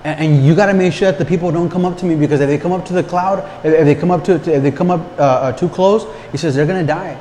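A man's voice: fairly high pitch, quick pace, hardly any pauses, mellow. A man preaching a conversational sermon, often repeating words and asking the listeners rhetorical questions. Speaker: pastor. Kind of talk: casual sermon. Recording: long hall reverb, faint background noise.

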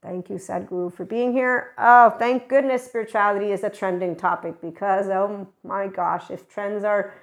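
A woman's voice: mid-range voice, fairly even intonation, moderate pace, few pauses. A woman hosting a spiritual talk podcast, speaking in a rambling, candid way, laughing often and swearing freely. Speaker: podcast host. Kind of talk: casual spiritual monologue.

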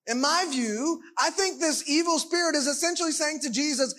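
A man's voice: extremely high pitch, moderate pace, bright, forceful tone. A man preaching a sermon, emphatic and full of rhetorical questions.

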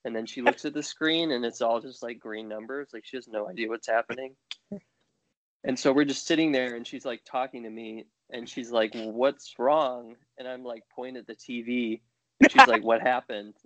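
A man's voice: mid-range voice, fairly even intonation, moderate pace, dry recording. A man co-hosting a casual podcast chat, telling rambling, wry stories. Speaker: podcast co-host. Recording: dull, muffled sound.

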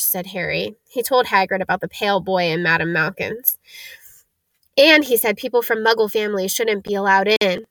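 A woman reading a storybook aloud as narrator, in a steady, unhurried storytelling way. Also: mid-range voice, no echo.

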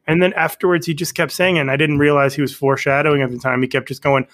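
A man guesting on a comedy podcast, rambling through a story with restarts and quick impressions. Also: a little high, flat delivery, a bit bright. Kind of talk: casual comedy podcast chat.

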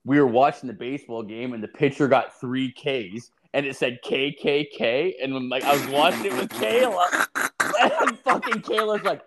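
A podcast co-host tells crude stories in casual chat, swearing, laughing and acting out the people he quotes. His mid-range voice has lively intonation, a fairly bright tone and a moderate pace.

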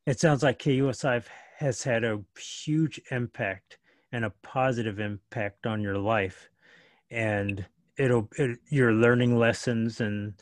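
A man's voice: mid-range voice, dry recording. A man hosting a podcast, effusive and gracious, often repeating his words as he thanks his guest and signs off. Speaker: podcast host. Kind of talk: casual interview talk.

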